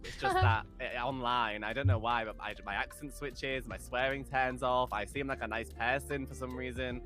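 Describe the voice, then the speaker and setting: Bright, candid man from Yorkshire. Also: medium pitch, normal speed, faint music behind. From Yorkshire, England. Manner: candid, self-mocking, animated. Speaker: streamer and podcast guest. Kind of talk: casual panel chat.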